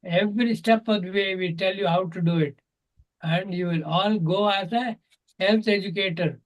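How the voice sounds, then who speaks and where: An older man with an Indian English accent, a natural health teacher, earnestly tells stories and acts out the dialogue while giving advice in an online Q&A. His high-pitched voice moves at normal speed, and the highs are cut off.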